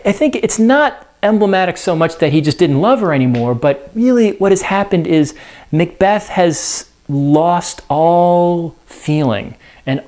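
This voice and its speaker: A man's voice: a little high, darkish tone. A man explaining a play in a casual spoken lesson, conversational and full of "you know" and restarts. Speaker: teacher.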